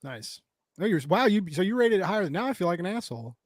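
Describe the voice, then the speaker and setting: A man in his thirties from the United States with a slightly high voice, chatting casually. He rambles through fillers and restarts and laughs easily. The sound is dry and close, with no room echo. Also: sing-song, quick pace. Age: 30s. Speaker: co-host. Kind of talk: casual chat.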